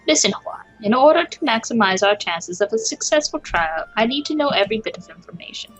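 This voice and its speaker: A woman's voice: on the high side, lively intonation, a little fast, faint music behind, poor audio. A woman voicing a confident male bird defense attorney in a game, talking in formal legal bluster. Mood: stern. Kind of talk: voicing a visual novel let's play.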